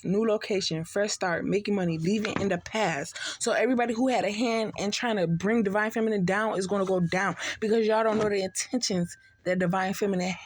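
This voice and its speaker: A woman's voice: mid-range voice, fairly quick, hardly any pauses, slight background noise. A tipsy woman giving a casual spiritual reading, blunt and profane, full of streetwise slang. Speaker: tarot reader.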